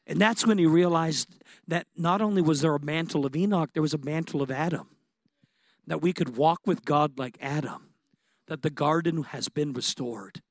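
A man delivers a sermon in a high, carrying voice. He preaches with passion, swinging from excited, rising peaks to hushed reflection. The sound is dry and close, with no room around it. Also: moderate pace, no room sound. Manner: impassioned, building to excited peaks.

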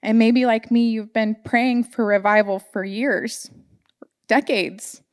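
A woman's voice: fairly high pitch, fairly even intonation, slow pace. A woman giving an earnest, emotional sermon to her church congregation, sharing personal stories. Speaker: church speaker. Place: church sanctuary.

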